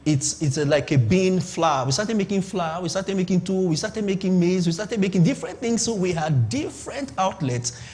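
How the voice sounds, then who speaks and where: A middle-aged Nigerian pastor, his voice high, animated and darkish, preaches about business at a moderate pace. He emphasizes and repeats his points, asking the audience to confirm them.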